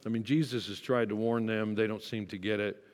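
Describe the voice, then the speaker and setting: A man's voice: fairly low pitch, steady tone, fairly quick, a little mellow, long reverb tail. A man preaching a sermon to his congregation in a church, talking casually, asking them questions and making light self-deprecating jokes. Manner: conversational, asks the congregation questions. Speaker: pastor. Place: church sanctuary.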